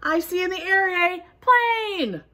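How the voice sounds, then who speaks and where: A woman's voice: extremely high pitch, takes it slowly, sharp tone. A woman reading a picture book aloud to toddlers, with lots of gasps and sing-song calls for the children to join in. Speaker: children's storytime reader.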